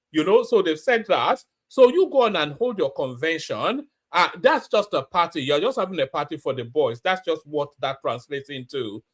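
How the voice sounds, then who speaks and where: A man hosting a political commentary show, mocking and animated, stretching words for emphasis. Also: fairly high pitch. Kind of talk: sarcastic news commentary.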